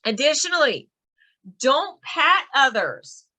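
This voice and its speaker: A woman with a Southern US accent lecturing a real estate class. Her voice sits a bit high and sounds bright and forceful. She drives each point home with emphatic repetition. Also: sing-song, slow. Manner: emphatic, repeats points, laughs occasionally. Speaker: real estate course instructor. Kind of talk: continuing-education lecture.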